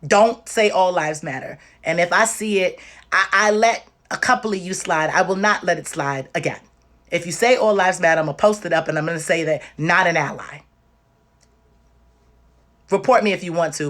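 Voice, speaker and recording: A woman's voice: medium pitch, a bit bright. A woman talking on a livestream, tearful and exhausted, speaking emphatically and directly with lots of repetition. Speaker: livestream host. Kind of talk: impassioned livestream talk.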